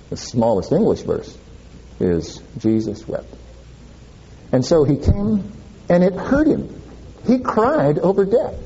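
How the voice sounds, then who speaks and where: A man's voice: fairly high pitch, mellow, muffled recording, slight background noise. A male preacher giving a sermon, asking the congregation questions and answering them himself.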